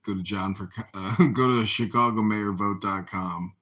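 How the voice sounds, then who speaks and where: A man's voice: low-pitched, slow. A man ranting in a mocking, over-the-top way during a parody political show, putting on an English accent. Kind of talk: mock rant on a live audio chat.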